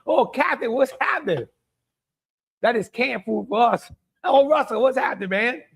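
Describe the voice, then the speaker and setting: Cajun man, high voice, folksy live cooking host, middle-aged, chatty with viewers. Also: expressive, moderate pace, gravelly, a bit bright, slightly rough. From Louisiana. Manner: folksy, greets viewers by name, chuckles. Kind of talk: live-streamed cooking chat.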